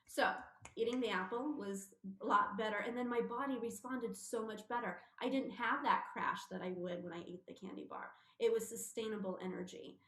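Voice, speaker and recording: A woman, a guest on a radio talk show, telling her story with lively acted-out quotes. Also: fairly high pitch, moderate pace, hardly any pauses, reverberant. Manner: animated storyteller, acting out quotes. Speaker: guest, intuitive medium. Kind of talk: casual radio interview.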